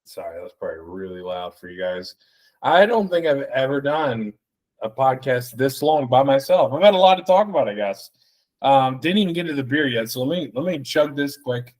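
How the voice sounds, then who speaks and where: A man's voice: medium pitch, lively intonation, normal speed, a little mellow. A man hosting a solo podcast, rambling and joking with plenty of swearing, a bit tipsy from the beers. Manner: rambling, profane, jokey. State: tipsy from drinking beer. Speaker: podcast host. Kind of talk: solo casual podcast rant.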